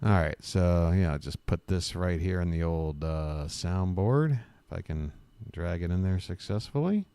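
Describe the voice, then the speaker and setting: A man's voice: sits low, expressive, measured pace, few pauses, dark tone, smooth, dry recording. A man hosting a live stream, riffing with sarcastic jokes in a rambling, self-interrupting way. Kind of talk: casual live-stream commentary.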